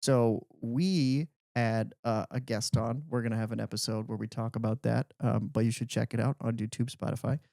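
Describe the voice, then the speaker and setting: A young man co-hosting a podcast, telling stories in a casual, animated way with lots of "like". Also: mid-range voice, normal speed, vocal fry, hardly any pauses, no room sound, clean studio sound. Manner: animated storyteller, heavy use of "like". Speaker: podcast co-host. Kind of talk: casual chat.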